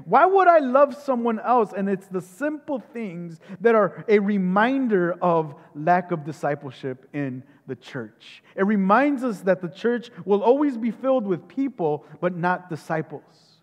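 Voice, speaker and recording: High-pitched male pastor, slow deliberate sermon, emphatic, rhetorical questions, long church reverb. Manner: rhetorical questions, emphatic repetition, frequent restarts.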